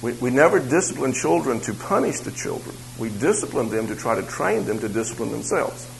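A man of ordinary pitch teaches a church Bible class, talking casually and circling back over his phrases. He makes asides to the people in the room as he goes. A faint hum sits under his voice. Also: sing-song, a little fast, vocal fry, low-quality recording.

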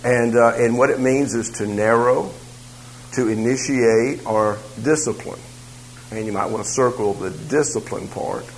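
A man's voice: medium pitch, unhurried, a little hiss or hum, poor audio. A man teaching a church Bible class about raising children. He talks conversationally, repeats his phrases and makes asides to the room.

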